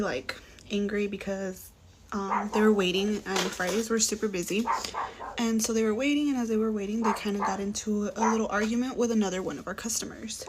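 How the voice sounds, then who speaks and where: A young woman who works as a restaurant server, chatting through a profane get-ready-with-me storytime in a casual way. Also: medium pitch. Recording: faint background noise.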